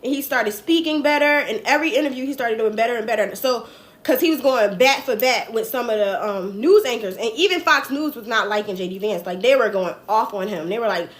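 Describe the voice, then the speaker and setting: A woman's voice: fairly high pitch, fairly quick. A young adult woman with a New Jersey accent, hosting a casual political commentary livestream in a chatty, slangy, rambling way. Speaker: host.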